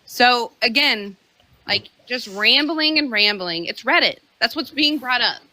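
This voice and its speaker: A woman's voice: a little high, lively intonation, measured pace, pushed and bright, poor audio. A woman debating on a live online call, combative and dismissive, swearing and tagging her points with "right?".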